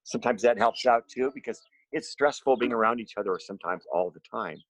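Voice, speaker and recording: A man teaching a music lesson to his students from home, explaining slowly and simply and asking them questions. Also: medium pitch, a little hiss or hum. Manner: slow, simple explanations with lively questions to children. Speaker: special education music teacher.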